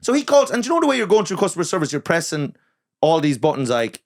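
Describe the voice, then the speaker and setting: A man telling a comic story as a podcast guest, animated and profane, acting out the people in it. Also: on the high side, quick pace. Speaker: guest comedian.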